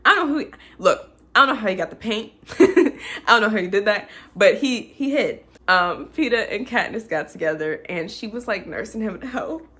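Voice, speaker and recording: A woman's voice: medium pitch, lively intonation, moderate pace, fairly bright tone. A woman recapping a film in a casual rant, emotional and chatty, laughing between many fillers. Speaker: movie reviewer.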